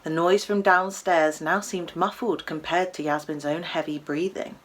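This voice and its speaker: A woman's voice: fairly low pitch, fairly even intonation, normal speed. Woman reading a children's story aloud. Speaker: author reading her book.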